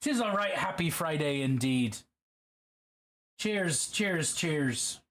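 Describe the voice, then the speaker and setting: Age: unknown. Sex: man. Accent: put-on Irish. Pitch: fairly high. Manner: chatty, profane streamer answering chat. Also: expressive, takes it slowly, a bit bright. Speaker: livestream host. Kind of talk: casual chat while miniature painting on a livestream.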